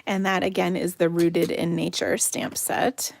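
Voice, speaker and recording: Chatty American woman with a gravelly edge. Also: on the low side, flat delivery, unhurried. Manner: chatty, giggly, talks to viewers while crafting. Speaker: craft livestream host. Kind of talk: live card-making demo.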